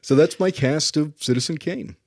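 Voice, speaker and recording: A man co-hosting a podcast in a relaxed, casual film chat, often chuckling. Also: fairly low pitch, normal speed, no echo, clean studio sound. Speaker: podcast co-host.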